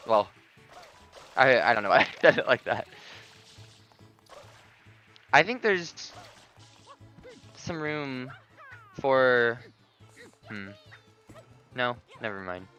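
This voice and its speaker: A man co-commentating a live video game match, relaxed and self-deprecating. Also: mid-range voice, slow, pauses often. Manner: relaxed, self-deprecating, laughs at own slips. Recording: faint music behind.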